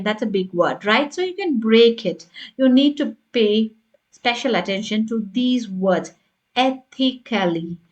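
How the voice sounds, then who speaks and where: Slightly high-voiced woman tutor. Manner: instructive, checks in with "right?" and "got it?". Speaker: English test tutor. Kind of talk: online lesson.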